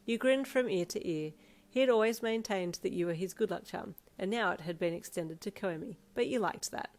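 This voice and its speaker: A woman narrating a second-person fan fiction story in an expressive storytelling manner. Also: medium pitch, brisk.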